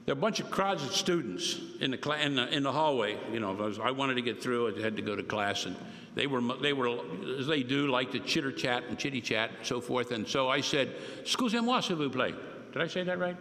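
An older man preaching a folksy, joking sermon with slow, emphatic stresses. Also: mid-range voice, fairly bright tone. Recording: long hall reverb.

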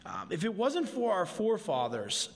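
Male preacher, slightly high voice, casual conversational delivery with jokey asides, long church reverb. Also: wildly swooping pitch, normal speed. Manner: informal, with asides and humor. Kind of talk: conversational sermon. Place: church sanctuary.

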